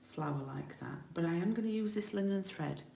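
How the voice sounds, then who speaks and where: Chatty woman with a gravelly voice. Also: lowish voice, expressive, a little fast, dark tone, a little hiss or hum. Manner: chatty, thinks aloud while working. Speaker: card-making demonstrator. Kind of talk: live craft tutorial. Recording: roomy home recording.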